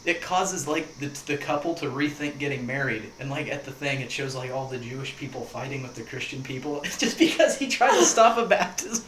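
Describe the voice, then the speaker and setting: A man's voice: medium pitch, brisk, hardly any pauses. A young man hosting a casual podcast chat, telling stories and acting out the quotes. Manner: animated storyteller, acts out quotes. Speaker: podcast host. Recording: echoey room with noise.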